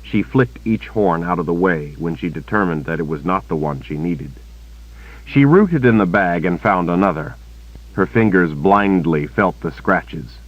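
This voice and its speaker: A man narrating an audiobook in a steady, measured reading. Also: sits low, no room sound. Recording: dull lo-fi cassette recording.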